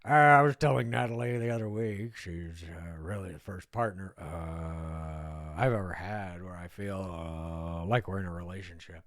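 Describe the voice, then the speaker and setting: A man doing an impression of a laid-back man who speaks in a slow drawl full of hesitations. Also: low voice, a bit bright, no echo, clean studio sound, voice pushed down.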